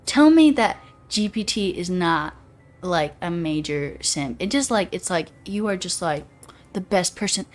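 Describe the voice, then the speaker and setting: A woman's voice: fairly low pitch, expressive, unhurried, soft background music. A young woman hosting a livestream, chatting casually and reading viewer comments aloud in a laid-back, playful way. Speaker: livestream host.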